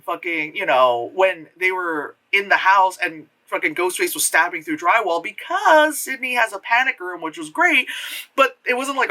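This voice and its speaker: A movie reviewer talking casually, rambling and swearing, with lots of fillers and sudden jumps into high voices. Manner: rambling, loose and profane, full of fillers; animated, jumps into high voices for retold reactions. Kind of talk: casual spoken film review.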